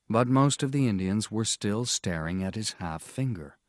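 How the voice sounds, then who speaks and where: A man narrating a storybook audiobook in a slow, measured, clear reading style. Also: on the low side, lively intonation, dry recording, studio quality.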